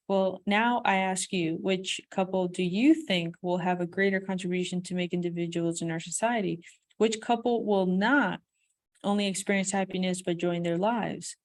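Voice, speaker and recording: A woman reading a self-help book aloud. She reads with lively emphasis and breaks off into chatty comments of her own. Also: lowish voice. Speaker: audiobook reader.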